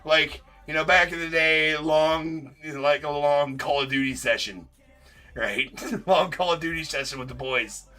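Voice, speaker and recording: Bright-voiced man teasing a live chat. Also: on the high side, measured pace. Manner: teasing, rambling, with frequent laughs and filler words. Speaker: card break streamer. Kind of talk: casual live-stream banter. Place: card breaking stream room.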